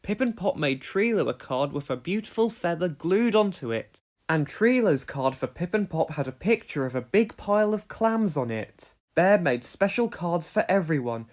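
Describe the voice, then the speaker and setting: A woman narrating a children's storybook aloud with expressive storytelling. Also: fairly low pitch, moderate pace. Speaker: storybook reader.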